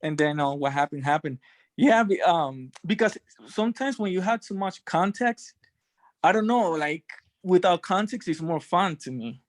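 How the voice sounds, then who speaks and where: Guy on a video call, kinda higher voice, stumbles and repeats words while he explains. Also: expressive, normal speed, dry recording. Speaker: group member, first-time session host. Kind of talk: casual video-call chat.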